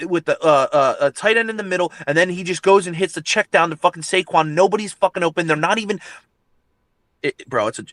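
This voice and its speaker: A man's voice: a little high, a bit bright, dry recording. A man hosting a sports talk show, ranting heatedly and swearing constantly about his team. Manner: profane, ranting, emphatic. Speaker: podcast host.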